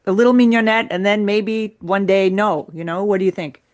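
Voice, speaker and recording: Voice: medium pitch, fairly even intonation, brisk. Chill cohost chatting about food, easygoing. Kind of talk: casual chat.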